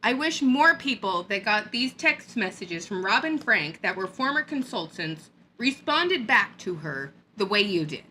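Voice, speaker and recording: A woman's voice: mid-range voice, sing-song, measured pace, few pauses, sharp tone, slight background noise. A woman vlogger giving a sarcastic, mocking rant in a hot upstairs room. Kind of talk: ranting commentary vlog.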